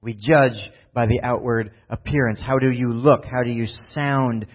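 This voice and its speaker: Male pastor, mid-pitched, conversational and animated, acts out scenes in voices; muffled lo-fi recording. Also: measured pace. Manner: animated, often asks "right?" and acts out Bible scenes in voices. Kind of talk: conversational sermon. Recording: dull lo-fi sound.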